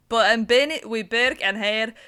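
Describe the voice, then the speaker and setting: A woman's voice: fairly high pitch, takes it slowly, bright, forceful tone, smooth. A woman putting on a Scottish-accented rhyme reciter. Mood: sing-song. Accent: put-on Scottish. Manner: sing-song recital, breaking into giggles.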